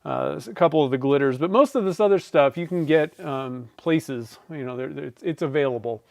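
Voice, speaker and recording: Guy hosting a pen turning stream, high smooth voice, rambly with lots of uh and um, dry close sound. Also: fairly quick, darkish tone, no room sound. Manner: rambling, with many fillers and restarts. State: clearing a dry throat. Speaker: pen-turning livestream host. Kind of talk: casual livestream chat.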